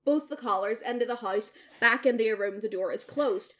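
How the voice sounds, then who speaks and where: A young woman co-hosting a podcast, telling a wild story in casual chat, animated and swearing freely as she acts out the people in it. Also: on the high side, normal speed. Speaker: podcast co-host.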